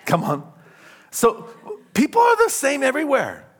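A man preaching a sermon in church, emphatic, with call-and-response lines that rise to shouts on key points. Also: extremely high pitch, huge pitch swings, moderate pace. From California. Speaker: pastor. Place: church sanctuary.

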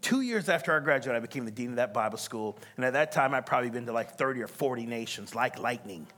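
Animated storytelling preacher man. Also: medium pitch, quick pace. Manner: animated storytelling, acts out voices, laughs, calls to congregation. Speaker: pastor. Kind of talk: sermon.

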